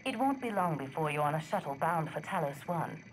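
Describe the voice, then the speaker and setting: Courteous female lab robot, Southern English accent, low and lively. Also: a little fast, a little hiss or hum, poor audio. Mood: polite. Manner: polite, smooth assistant voice. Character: calm female science operator robot.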